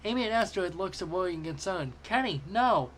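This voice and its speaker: Brief: amused male reader, slightly high voice, stumbles as he reads fanfiction. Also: quick pace, a little hiss or hum. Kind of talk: reading fanfiction aloud.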